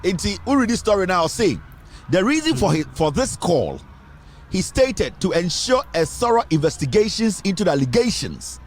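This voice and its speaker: Soft music plays behind a man with a high, sing-song voice and a Ghanaian English accent as he hosts an online news show at a moderate pace. Discussing politics, he is emphatic, repeats phrases, and slips between English and Twi.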